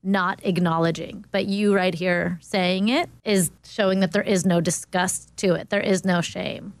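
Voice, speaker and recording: A woman with a slightly low voice talks in a quick, chatty, encouraging way. The sound is dry and close. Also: fairly even intonation, dry recording. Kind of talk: casual podcast chat.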